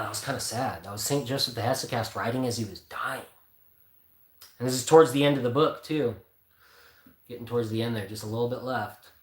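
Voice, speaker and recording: A man's voice: medium pitch, fairly bright tone. Male host, mid-range voice, rambling conversational delivery, echoey room sound. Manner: rambling, thinks aloud, corrects himself. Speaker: channel host. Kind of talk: casual spiritual talk and reading. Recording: roomy echo.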